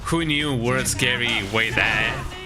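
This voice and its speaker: A mid-range male voice drifts slowly over music as he plays a video game on a live stream. He rambles in casual chat and keeps tacking a quizzical "eh?" onto what he says.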